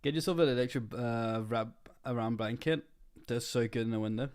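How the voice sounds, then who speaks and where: A young man who is not a native English speaker, streaming online poker and chatting casually with viewers in a relaxed, rambling way. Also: medium pitch, brisk, clean tone. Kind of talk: casual live-stream commentary.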